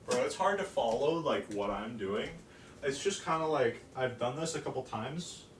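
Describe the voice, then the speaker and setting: A man's voice: mid-range voice, animated, moderate pace. A teenage boy live-streaming while he bakes, chatting in a rambling, self-mocking way and swearing casually. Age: teens. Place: home kitchen. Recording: echoey room, distant mic, noisy.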